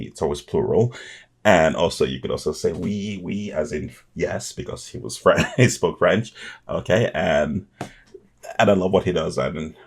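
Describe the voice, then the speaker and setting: Very deep gravelly man reacting. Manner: enthusiastic, chuckling, halting restarts. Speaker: reaction video host. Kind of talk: casual reaction commentary.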